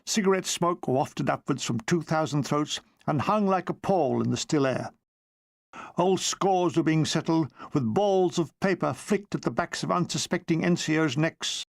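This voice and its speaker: A man reading a memoir aloud as an audiobook, with expressive comic timing. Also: on the high side, moderate pace, vocal fry, no room sound, studio quality. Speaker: audiobook reader. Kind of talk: audiobook narration of a war memoir.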